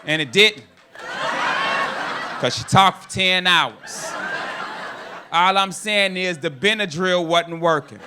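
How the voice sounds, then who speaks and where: A man from North Carolina, performing a stand-up set with loud, punchy storytelling. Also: sits high, takes it slowly, long pauses, background noise. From North Carolina, USA. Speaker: stand-up comedian.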